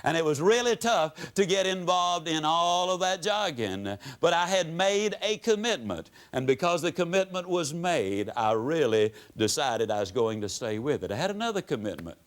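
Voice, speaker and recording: On stage before an audience, a motivational speaker tells folksy stories, his voice sweeping up and down. It's a little high and very animated, delivered at normal speed with few pauses.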